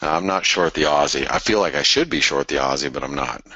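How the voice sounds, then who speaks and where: Very deep-voiced excitable trading show host. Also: male voice, fairly quick, breathy edge, no room sound, lo-fi sound. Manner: excitable, exclaims at charts, thinks aloud. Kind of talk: live market commentary.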